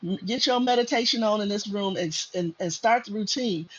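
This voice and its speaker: Motivational man, rousing and preachy, high voice, dull lo-fi sound. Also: fairly quick, fairly bright tone. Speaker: motivational speaker. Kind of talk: motivational pep talk.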